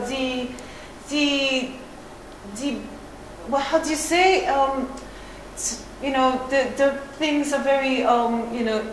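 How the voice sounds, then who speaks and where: A woman's voice: mid-range voice, bright, forceful tone. An actress playing a boastful young woman auditioning, chatty and rambling with many fillers. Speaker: audition candidate. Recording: echoey room with background noise.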